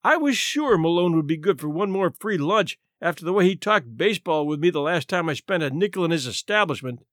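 Soft-spoken ruined gentleman, dry wit, read by a male narrator. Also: on the high side, expressive, a little fast, few pauses, no echo. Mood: dry ironic. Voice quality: quiet, dry and ironic.

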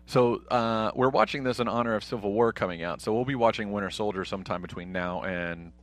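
A man with a fairly low voice chats casually while watching a film with friends. He rambles, circling back with lots of fillers as he talks. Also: brisk. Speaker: podcast co-host. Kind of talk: casual movie watch-along chat.

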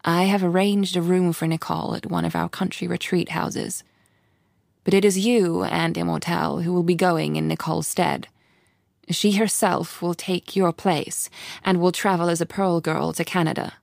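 A woman voicing a stern, commanding older woman who speaks in a measured, formal way. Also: fairly low pitch, little pitch movement, vocal fry, darkish tone, no echo, studio quality.

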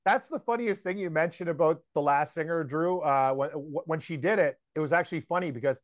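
A man co-hosting a sports betting podcast, chatting casually in a rambling, excitable way with lots of fillers. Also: on the high side, brisk. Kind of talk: casual chat.

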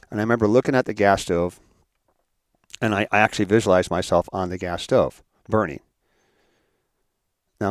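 A man with a fairly low voice tells a personal story to an audience, halting and repeating words as he goes. His delivery is heartfelt, and the sound is dry and close. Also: smooth, no room sound. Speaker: speaker telling his life story. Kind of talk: personal story in a motivational talk.

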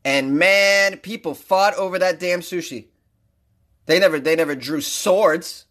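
A man hosting a comedic news talk show, mocking stories with loud rants and frequent laughter. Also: high-pitched, unhurried. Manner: ranting, mocking, rising to loud outbursts; laughs often while talking. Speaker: podcast host reading news.

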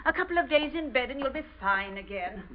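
A woman's voice: high-pitched, lively intonation, fairly quick. An actress playing a prim, fussy middle-aged wife and mother with a soothing manner, in 1940s radio acting. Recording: dull old radio recording.

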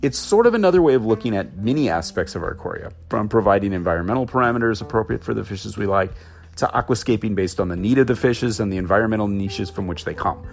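A man giving a thoughtful, musing explanatory talk about aquarium keeping, posing rhetorical questions as he goes. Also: fairly low pitch. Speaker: aquarium hobby educator.

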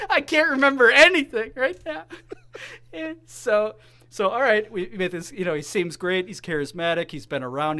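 A man co-hosting a casual sports podcast, excitable and jokey, often breaking into laughter. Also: on the high side. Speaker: podcast co-host.

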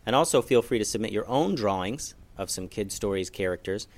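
A man telling a children's story with a very lively, sing-song pitch. His voice sits mid-range and gentle, rising and falling expressively as he reads to young listeners. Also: brisk. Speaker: storyteller, podcast host.

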